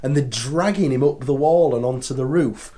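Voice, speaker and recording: A man's voice: mid-range voice, normal speed, dark tone. A man giving a chatty, enthusiastic spoken review, full of fillers and restarts. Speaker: video reviewer.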